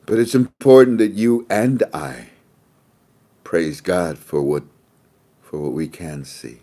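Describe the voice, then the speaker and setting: A man's voice: low-pitched, slow, mellow. A man hosting a casual monologue, rambling and repeating his phrases, with frequent laughter. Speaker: host.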